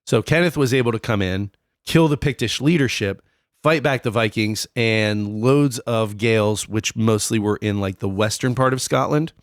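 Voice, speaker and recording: A man's voice: lowish voice, normal speed, no room sound, studio quality. A man co-hosting a casual podcast, explaining history in a loose, rambling way with many fillers. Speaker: podcast co-host.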